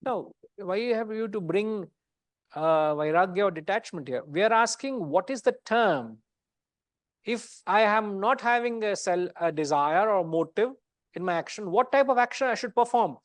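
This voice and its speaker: A man's voice: high voice, moderate pace, no room sound. A middle-aged man with an Indian English accent, teaching the Gita to a study class in a conversational, teasing way.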